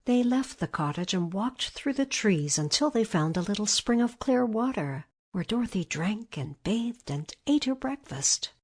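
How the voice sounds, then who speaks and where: Husky woman reading a storybook. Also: mid-range voice, darkish tone. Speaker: narrator. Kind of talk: scripted storybook narration.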